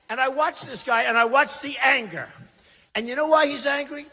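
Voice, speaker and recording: A man giving a campaign rally speech, emphatic and repetitive, swinging between shouted bursts and quiet asides. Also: very high-pitched, moderate pace. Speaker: political candidate speaking at a rally. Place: large university venue. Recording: long reverb from a big hall.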